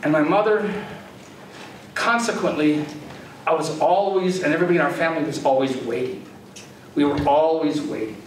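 An older man from the Chicago area tells stories to a lecture audience in a loose, self-deprecating way. His voice sits a little high. It comes from far off in a very echoey hall with faint hiss. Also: normal speed, long pauses. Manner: conversational, anecdotal, self-deprecating. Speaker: guest lecturer. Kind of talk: storytelling lecture.

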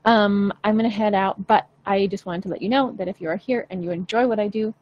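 A woman's voice: mid-range voice, steady tone, a little fast, highs cut off. A woman vocal coach chatting casually with viewers in a live Q&A, encouraging and full of fillers. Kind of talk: live-stream Q&A chat.

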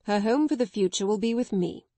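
A woman narrator gives voice to a storybook gentleman, kindly yet firm. He speaks slowly and deliberately, his temper held in check. The sound is dry and close. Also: medium pitch, expressive, no echo. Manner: measured, firm, restrained. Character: hot-tempered gentleman guardian, kind but firm.

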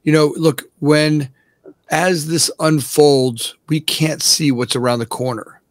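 A man's voice: on the high side, steady tone, slow, dry recording. A man as a podcast guest who talks with emphasis and keeps asking "right?" to check the listener is following. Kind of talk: casual podcast interview.

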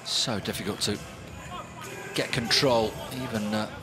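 A man's voice: on the low side, unhurried, music in the background, crowd noise. Man calling volleyball play-by-play. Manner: animated, rising with big points. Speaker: sports commentator. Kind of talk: live play-by-play commentary.

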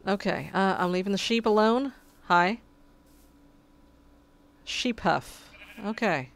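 Talking back to in-game creatures with mounting exasperation, a female gameplay commentator keeps up a casual, sarcastic running chat. Her voice is medium in pitch with lively intonation and a slow pace.

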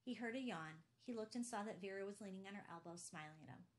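A woman reads a novel aloud at a middle pitch in a steady, measured way. The narration is even and unhurried, suited to an audiobook. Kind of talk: scripted narration.

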